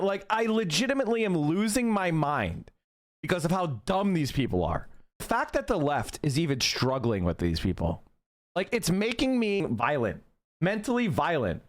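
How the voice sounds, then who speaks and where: Man, political streamer, ranting, profane, contemptuous, very animated pitch, low mutters to shouts. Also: normal speed. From Pennsylvania. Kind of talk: ranting live-stream commentary.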